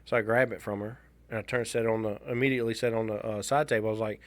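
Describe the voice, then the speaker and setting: A man, co-hosting a podcast and telling a personal story in a casual, halting, wry way. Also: on the low side, fairly even intonation, dry recording. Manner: halting, restarts a lot, candid and wry. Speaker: podcast co-host.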